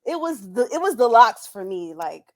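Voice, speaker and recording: A woman's voice: fairly high pitch, big pitch swings, moderate pace. A young woman co-hosting a casual podcast chat, giggly and exclamatory, steering between topics. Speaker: podcast co-host.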